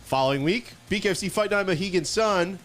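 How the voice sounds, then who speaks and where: A man's voice: sits high, brisk, fairly bright tone, soft background music. A man co-hosting a podcast, flustered and stumbling as he reads the event schedule. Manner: flustered, laughing, stumbling over his read. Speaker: podcast co-host reading the schedule. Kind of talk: casual podcast chat.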